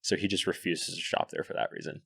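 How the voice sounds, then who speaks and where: A young man chatting as a podcast guest, telling animated, swear-laden stories full of "like" and "dude". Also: low voice, fast, gravelly, breathy edge, no echo, studio quality. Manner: animated storyteller, swears freely, fillers like "like" and "dude". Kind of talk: casual podcast chat.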